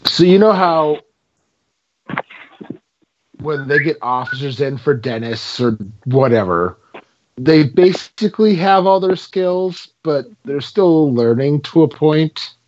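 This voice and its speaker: A man with a somewhat high voice speaks slowly and easily in casual podcast chat. His audio is dull and lo-fi, with clear noise hissing behind it. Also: expressive. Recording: dull lo-fi call with background noise.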